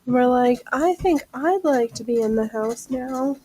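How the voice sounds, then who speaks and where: A woman with a dark-toned voice, speaking a little slowly on a rough recording, hosts her channel's casual sewing livestream. She chats and jokes at her own expense while stitching, and talks to her cat in a high baby voice.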